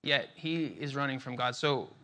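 Fillers, restarts and repeated words run through this young man's conversational Bible teaching. He keeps a steady medium pitch at normal speed, and his tone is pushed and bright.

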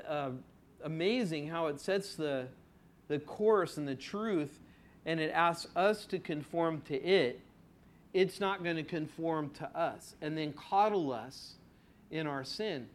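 Speaking in a slightly high voice, this pastor delivers an expository sermon in a conversational style. He asks his congregation rhetorical questions and lingers on important words to stress them.

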